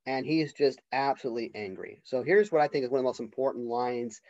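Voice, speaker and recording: A man's voice: medium pitch, darkish tone, dry recording. Man lecturing casually, dull lo-fi sound. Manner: conversational, acts out characters' lines in quick voices. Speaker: college literature professor.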